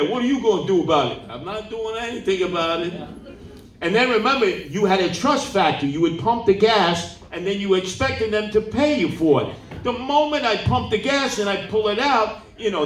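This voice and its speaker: A man, telling animated stories at a campaign town hall and acting out the people in them. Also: sits high, distant mic. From New York City. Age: 70s. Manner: animated storyteller who acts out quoted people. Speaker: political candidate at a town hall. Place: large indoor meeting room. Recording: roomy hall, voice off-mic.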